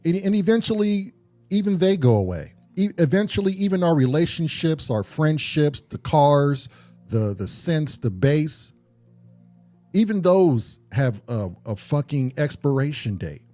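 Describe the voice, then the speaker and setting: A man's voice: a little high, very animated, measured pace, dark tone, soft background music. A man on a podcast talking earnestly and reflectively, swearing casually and often restarting his sentences. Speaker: podcast co-host.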